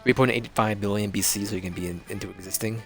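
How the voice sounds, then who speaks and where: Smug drawling hipster vampire guy read by a man, low voice, self-satisfied. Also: steady tone, fast, fairly bright tone, faint music behind. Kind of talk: reading game dialogue aloud.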